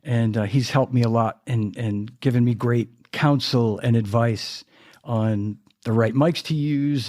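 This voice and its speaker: A man's voice: medium pitch, darkish tone. A man hosting a casual live stream from his home drum room, talking in a rambling, self-deprecating way as his voice starts to go. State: losing his voice. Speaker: podcast host and drummer.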